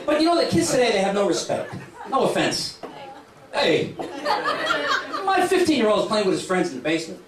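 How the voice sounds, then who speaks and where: A middle-aged man doing a stand-up comedy set in a club, with a brash, punchy delivery and quick asides to the crowd. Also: high-pitched, very animated. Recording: echoey club room, distant mic, crowd noise. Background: audience laughter.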